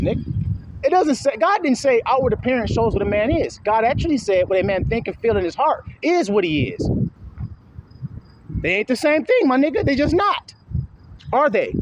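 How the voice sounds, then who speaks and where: A man preaching in a casual, slangy street style, switching between loud and hushed delivery and acting out the voices of his listeners. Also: high-pitched, background noise. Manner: casual slangy talk with swearing.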